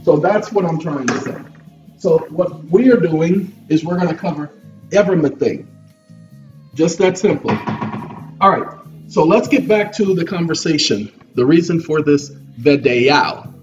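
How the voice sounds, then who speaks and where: Man, high voice, lecturing vlogger, repetitive and preachy, dull distant mic. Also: measured pace, faint music behind. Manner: repetitive, lecturing, asks "okay?" often. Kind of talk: preachy monologue to camera. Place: at a computer desk.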